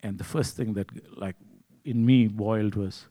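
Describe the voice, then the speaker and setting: Guy giving a sermon, talky and loose, keeps going "you see", mid-pitched voice. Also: lively intonation, fairly quick, few pauses, warm tone. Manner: conversational, repeats "you see"; acts out his own inner voice in quotes. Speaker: preacher.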